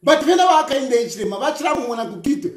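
A man reacts to a news clip in mocking commentary. His voice sits high and leaps around as he hammers the same rhetorical questions. The room around him rings with echo. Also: very animated, fast talker. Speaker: political commentator.

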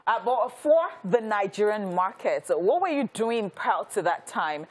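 A woman hosting an interview, chatty and quick to laugh as she asks questions. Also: medium pitch, sing-song, slightly rough. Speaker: interview host. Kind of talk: casual interview chat.

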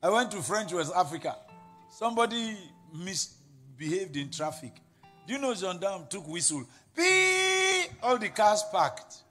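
A Nigerian pastor preaching a sermon, telling stories and quoting people in put-on voices, building to laughing shouts. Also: male voice, sits high, expressive, normal speed, soft background music.

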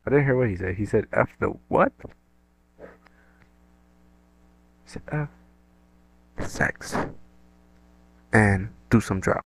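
A man's voice: lowish voice, slow, gravelly, pauses often, breathy edge, soft background music, rough recording. A young man hosting a reaction video, chatting casually in a slangy, rambling way that keeps restarting.

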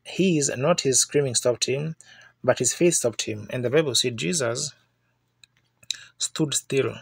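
A man's voice: mid-range voice, unhurried, vocal fry, breathy edge, no room sound. A man preaching a sermon in fervent storytelling style, building to emphatic outbursts. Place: church meeting.

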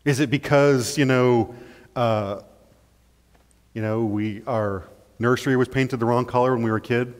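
A male pastor preaching a sermon in an animated way, acting out little scenes and often checking in with "right?". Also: medium pitch, moderate pace, long pauses. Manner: animated, acts out scenes, keeps asking "right?". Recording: long church-hall reverb.

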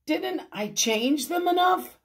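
A woman's voice: sits high, animated, takes it slowly, voice pushed up. A woman voicing a cheerful, naive young housemaid who speaks earnestly and innocently. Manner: innocent, earnest and pleased with herself.

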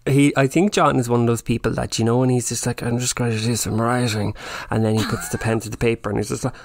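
A man's voice: mid-range voice, steady tone, quick pace, gravelly, dry recording, clean studio sound. An Irish man hosting a podcast, reading from an old book and breaking off into jokey asides. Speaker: podcast host.

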